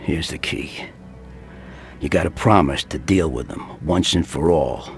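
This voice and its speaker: Cynical game barkeeper: deep, gravelly, slow and mocking. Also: male voice, faint music behind. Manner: blunt, mocking and world-weary. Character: gruff, cynical barkeeper of a seedy pub. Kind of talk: video game voice acting.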